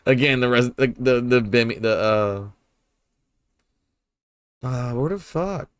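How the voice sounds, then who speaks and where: A man's voice: medium pitch, takes it slowly, long pauses, clean tone, dry recording. A young man giving casual, rambling commentary while he streams a game, swearing freely and laughing often.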